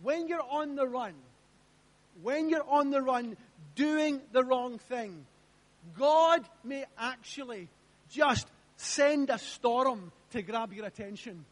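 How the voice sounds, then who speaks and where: High-voiced preacher. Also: male voice, takes it slowly. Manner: emphatic, repeats phrases, asks the congregation questions. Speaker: pastor. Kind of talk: sermon. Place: church.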